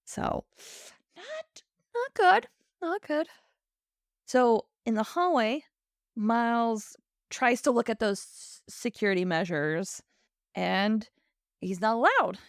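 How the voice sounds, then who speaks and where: A woman co-hosts a casual podcast recap, her voice sitting a little high and bouncing through a wide, lively range. She laughs often and slips into quick character impressions. The sound is close and dry, with no room around it. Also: no echo. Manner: animated, laughs often, acts out characters' lines. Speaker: podcast co-host. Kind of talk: casual episode recap chat.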